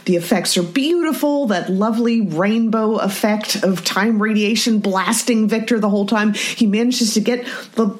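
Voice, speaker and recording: Woman, podcast co-host, casual recap, lively delivery, quotes lines in character. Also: medium pitch, normal speed, few pauses. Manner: animated, acts out quoted lines.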